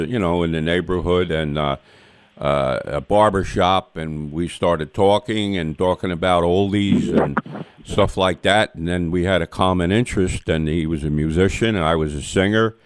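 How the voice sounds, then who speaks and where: A man's voice: low voice, clear, resonant tone, no echo, clean studio sound. A man who works as a radio disc jockey, telling a plain, reflective story. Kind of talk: casual radio talk.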